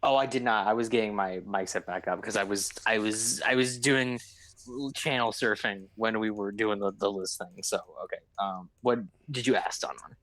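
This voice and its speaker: A man narrating as game master over voice chat, casual and halting, with many fillers and restarts. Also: fairly low pitch, steady tone, a bit bright.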